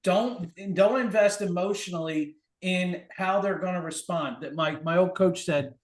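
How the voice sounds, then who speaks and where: A man's voice: high-pitched, unhurried. A man speaking as a podcast guest, giving emphatic, motivational advice in casual conversation. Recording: echoey room.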